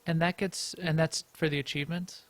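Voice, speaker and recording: A man's voice: fairly high pitch, steady tone, a little fast, no room sound. A man co-hosting a casual gaming podcast, rambling and restarting as he thinks aloud. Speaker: podcast co-host.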